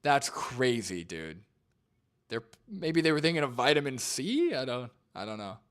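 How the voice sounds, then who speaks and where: A man's voice: mid-range voice, big pitch swings, a little slow, a bit bright. A young man hosting a live stream, reacting to a video and answering chat in a laid-back, rambling way full of fillers. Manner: laid-back, filler-heavy, says "like" and "dude" a lot.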